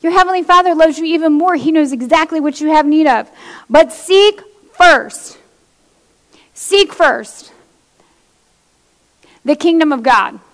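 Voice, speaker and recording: A woman's voice: sits high, moderate pace, pauses often, in a large hall. A woman preacher giving an impassioned sermon, reading scripture aloud and speaking straight to her congregation in a church.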